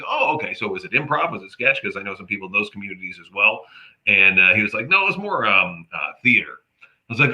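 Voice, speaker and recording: A man from Canada, a comedian telling a story in casual chat and acting out the people in it. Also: lowish voice. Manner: animated, acts out quoted voices. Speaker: comedian guest. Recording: dull lo-fi audio.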